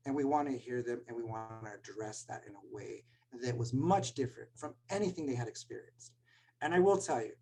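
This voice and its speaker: A man's voice: mid-range voice, a little mellow, poor audio. Earnest man telling school stories. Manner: earnest storytelling, gets choked up. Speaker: school administrator. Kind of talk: webinar talk.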